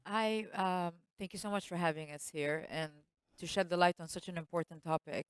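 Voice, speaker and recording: A woman entrepreneur speaking on a panel, telling stories in a lively way and laughing often. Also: lowish voice, normal speed, clean tone, dry recording. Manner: storytelling, animated, laughs often. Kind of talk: panel talk.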